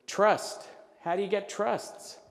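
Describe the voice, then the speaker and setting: Fairly high-voiced guy giving a lively business talk, jokey, echoey hall. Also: takes it slowly, vocal fry. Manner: animated, jokey, acts out quoted voices. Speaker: luncheon speaker. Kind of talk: business presentation. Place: event hall.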